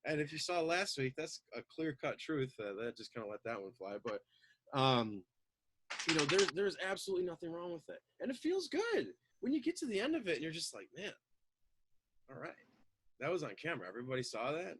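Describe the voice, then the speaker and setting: A man chatting loosely on a talk show, loud and excitable, acting out little quoted voices as he goes. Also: fairly high pitch, fairly quick, slightly rough, dry recording, low-quality recording. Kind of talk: casual chat, animated storytelling.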